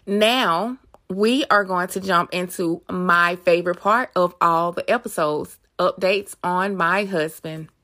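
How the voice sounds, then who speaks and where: A bright, ringing woman's voice hosts a casual podcast. She tells her stories in an animated, chatty way and keeps turning to talk straight to her listeners. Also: lowish voice, slow. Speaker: podcast host.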